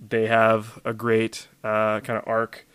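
A man from Louisiana with a mild accent, co-hosting a podcast in a relaxed, rambling chat full of fillers. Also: on the low side, takes it slowly, clear, resonant tone, dry recording. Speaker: podcast co-host. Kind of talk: casual chat.

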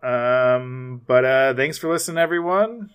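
Man, podcast co-host, casual chat, mid pitch, chuckling, lots of filler ums. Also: measured pace, clean tone.

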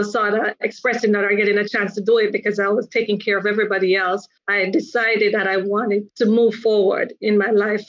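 A woman's voice: medium pitch, fairly bright tone, no room sound. A middle-aged woman from Jamaica, a guest chatting casually in an interview, rambling and correcting herself with frequent laughs. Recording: dry, slightly dull sound.

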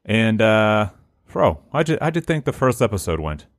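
A man's voice: on the low side, normal speed, no echo, clean studio sound. A man hosting a casual podcast, joking around and wrapping up the episode with plugs. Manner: lively, joking, wraps up the show. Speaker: podcast host.

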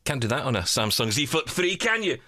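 Animated rambling male podcast host. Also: medium pitch, fairly quick, no echo. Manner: rambling, animated, self-deprecating. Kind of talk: casual panel chat.

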